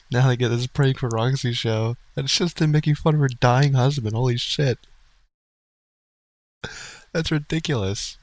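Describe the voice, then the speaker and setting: A man's voice: medium pitch, unhurried, pauses often, no echo. A man hosting a live stream, cracking wry jokes and talking to his chat between arguments. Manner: wry, joking asides to chat. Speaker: streamer host.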